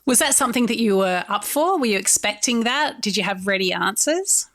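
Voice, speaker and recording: A woman's voice: a little high, animated, a little fast, a bit bright. A woman hosting a podcast who asks brief, curious questions. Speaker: podcast host. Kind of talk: interviewer questions.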